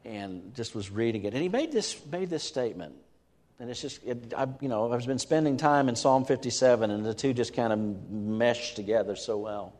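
A male pastor preaches in a sanctuary with a long hall echo. His voice sits at a middle pitch. He asks his congregation questions and climbs into fervent scripture reading. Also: moderate pace, darkish tone. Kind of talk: sermon.

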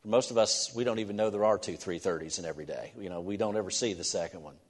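A man preaching a sermon in a church, earnest and halting, with restarts as he talks. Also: sits low. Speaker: pastor. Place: church sanctuary. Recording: long hall reverb.

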